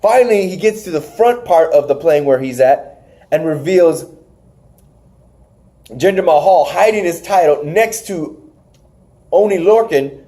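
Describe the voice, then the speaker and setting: A man hosting a casual wrestling review podcast, recapping matches with animated retellings and acted-out lines. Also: on the high side, a little slow, pauses often. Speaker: podcast host.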